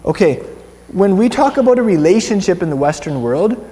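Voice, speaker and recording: A man's voice: high voice, sing-song, brisk, dark tone, big-room sound. A young Canadian man giving informal Bible teaching to a small group, chatty and rambling, with many restarts.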